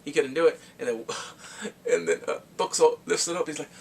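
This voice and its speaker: A man's voice: on the high side, normal speed, few pauses, darkish tone, breathy edge. Chatty man recapping a film, slightly distant. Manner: chatty, rambling, with filler restarts. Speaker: movie reviewer. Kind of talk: casual plot retelling.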